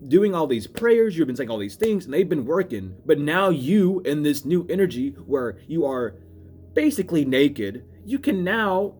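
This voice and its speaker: A man giving a casual spiritual reading to camera, rambling and cursing, swinging between loud urging and low asides. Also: breathy edge. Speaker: spiritual reader.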